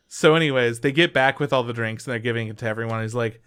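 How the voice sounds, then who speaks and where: A man's voice: medium pitch, fairly quick, fairly bright tone, smooth. A man co-hosting an anime podcast, recapping episodes in enthusiastic casual chat with fillers. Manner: enthusiastic recapping, frequent "like" and swearing. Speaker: podcast co-host.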